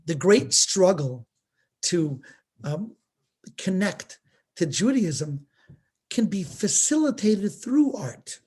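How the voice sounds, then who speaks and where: A man's voice: sits high, slow, long pauses, husky. A man, a rabbi, telling stories in a live-streamed art lesson, acting out quoted dialogue over a video-call mic. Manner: lively storyteller, acts out quoted dialogue.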